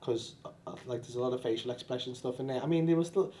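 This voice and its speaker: This is post-show backstage chatter from a male stand-up with a mid-range, dark-toned voice. He speaks bluntly, swears freely, and keeps the banter quick, all in an echoey space.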